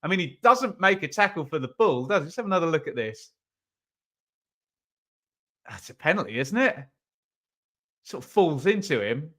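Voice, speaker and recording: A man's voice: fairly high pitch, very animated, normal speed, long pauses, bright, forceful tone. A man running a live football watch-along, chatting casually about the match and reading out viewer comments.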